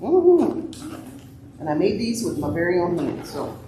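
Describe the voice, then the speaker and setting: A woman leading worship, reading scripture and then telling a lively, playful children's message full of exclamations. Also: fairly low pitch, unhurried, background noise. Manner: animated, playful storytelling with exclamations. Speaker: church leader giving a children's message. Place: church sanctuary. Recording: echoey church sanctuary.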